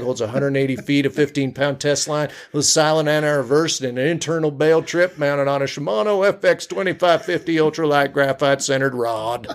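A man's voice: mid-range voice, voice pushed up, natural voice. A man voicing a rural Utah man with a Spanish Fork accent, rambling about fishing gear in ungrammatical talk. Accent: Utah County, Spanish Fork.

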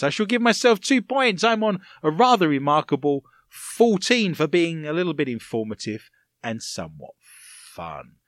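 A man's voice: a little high, sing-song, normal speed, fairly bright tone, no echo, studio quality. A man hosting a comic radio show, reading odd news stories and joking with his co-host. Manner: jokey, puts on silly voices and scores points. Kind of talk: comic news-story quiz chat.

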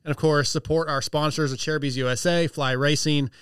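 A man's voice: on the high side, fairly even intonation, brisk, fairly bright tone, clean tone, no room sound, studio quality. A man hosting a podcast, chatting casually, backing his guest up with short replies and wrapping up the show. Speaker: podcast host. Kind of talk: casual interview chat.

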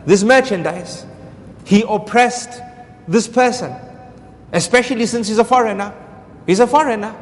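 Male Islamic lecturer, higher voice, storytelling lesson, repeats points for emphasis. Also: in a large hall. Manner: repeats phrases, asks rhetorical questions.

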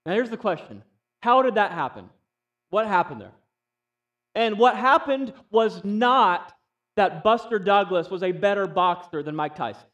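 A man's voice: high-pitched, expressive, unhurried, a bit bright, distant mic. Conversational man preaching a sermon. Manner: conversational, asks the audience questions. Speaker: pastor.

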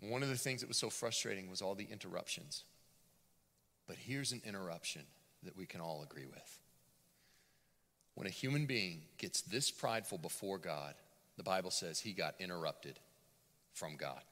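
A man preaching a sermon as a pastor, animated and dramatic yet conversational. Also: low voice, moderate pace, long pauses. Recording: long hall reverb.

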